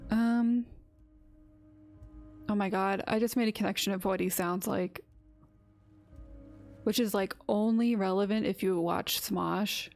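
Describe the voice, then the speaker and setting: A woman's voice: medium pitch, steady tone, a little slow, long pauses, a little mellow, soft background music. A woman streaming a game, chatting casually with lots of "like" and reading dialogue lines aloud.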